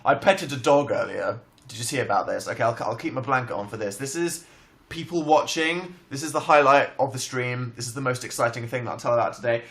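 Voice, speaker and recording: A young Englishman hosting a livestream from home, telling stories in an animated, self-mocking and dramatic way. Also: medium pitch, fairly quick, gravelly. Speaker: livestream host. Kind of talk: casual storytelling chat. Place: home, indoors.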